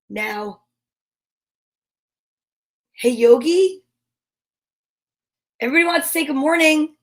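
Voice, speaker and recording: A high-pitched woman chats in a bright, bubbly way as she hosts a live stream. She greets viewers by name and talks to them in a friendly, casual tone. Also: expressive, a little slow, long pauses. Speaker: host.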